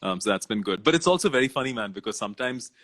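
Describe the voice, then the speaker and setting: A man's voice: lowish voice, racing. A man in his thirties, a voice-over artist, talking casually and reflectively in an interview, laughing easily. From India. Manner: relaxed, reflective, laughs easily, says "man" and "you know".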